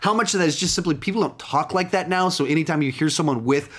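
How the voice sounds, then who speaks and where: A man's voice: a little high, fast talker, a bit bright. A man giving a casual, chatty film review, talking loosely with frequent restarts and asides. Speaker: movie reviewer.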